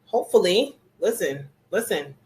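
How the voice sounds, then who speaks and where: A woman hosting a hair care class on a live stream, chatting casually and greeting each viewer by name with relaxed slang, speaking from an indoor room. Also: on the low side, moderate pace, poor audio. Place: indoor room with air conditioning.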